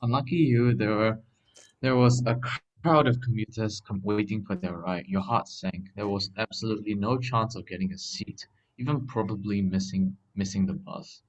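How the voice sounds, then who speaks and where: A male student reading his essay aloud haltingly, with restarts. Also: lowish voice, dull audio.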